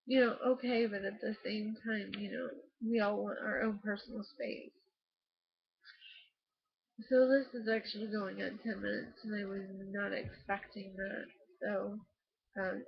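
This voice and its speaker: A young woman from the States, hoarse from allergies and losing her voice, rambling tiredly in a casual late-night vlog from her bedroom. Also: mid-range voice. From United States. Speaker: vlogger. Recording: dull lo-fi laptop recording.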